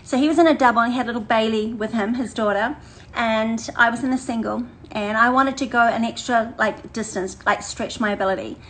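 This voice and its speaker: An older woman, chatting warmly and energetically to a women's church group, laughing often and repeating phrases. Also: on the high side, brisk, a little hiss or hum, low-quality recording. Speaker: women's ministry leader. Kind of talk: casual livestream chat to a women's group.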